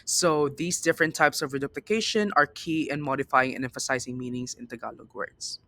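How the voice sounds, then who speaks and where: A man's voice: mid-range voice, a little fast, bright, forceful tone. A young man giving a class presentation, speaking conversationally with fillers and self-corrections. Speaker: student presenter.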